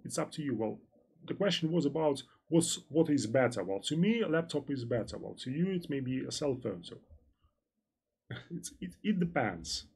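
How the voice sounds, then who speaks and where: A man with a Russian accent, a native Russian speaker, giving a live-stream trading lesson, reading out and answering chat questions in a halting, repetitive way with many fillers. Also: medium pitch, big pitch swings, a little mellow, husky. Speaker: trading instructor.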